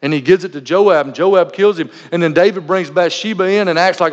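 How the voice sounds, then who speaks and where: A man's voice: high voice, a little fast. A man preaching a sermon as a pastor, earnest and conversational, weaving in personal anecdotes. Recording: dull lo-fi recording in a reverberant hall.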